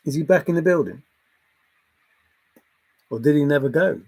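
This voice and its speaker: Casting: male streamer, gravelly and husky, loose rambling chat with frequent laughs. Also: on the high side, moderate pace, a little mellow. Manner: chatty, laughs often, wanders between topics. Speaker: livestream host reading chat.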